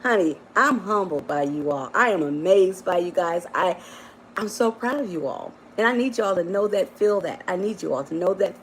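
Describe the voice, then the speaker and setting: A woman life coach gives a motivational live-stream talk, affectionate and emphatic, repeating herself and calling listeners baby and honey as she rises into high exclamations. She's animated at normal speed, with slight background noise.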